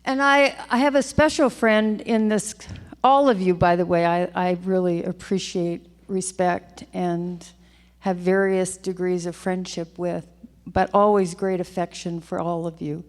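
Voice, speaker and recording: A woman's voice: lowish voice, steady tone, unhurried. Older woman, legislator, floor speech, emotional, heartfelt, repeats phrases, long hall reverb. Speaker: state legislator. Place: legislative chamber.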